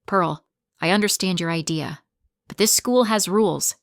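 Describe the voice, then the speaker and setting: A woman voicing a strict male school principal who speaks firmly in short, measured sentences. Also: lowish voice, no room sound, studio quality, close to an everyday voice. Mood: stern. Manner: firm, measured, few words.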